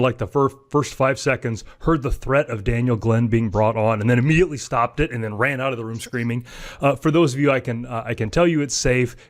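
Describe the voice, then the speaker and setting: Male podcast host, mid-pitched, jokey and self-deprecating, loose banter with a co-host. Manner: joking, self-mocking, lots of fillers. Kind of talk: casual tech podcast banter.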